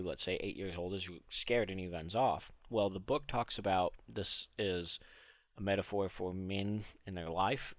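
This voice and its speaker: A man streaming a relaxed, rambling talk, retelling a story and musing, with many fillers and restarts. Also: low-pitched, no echo.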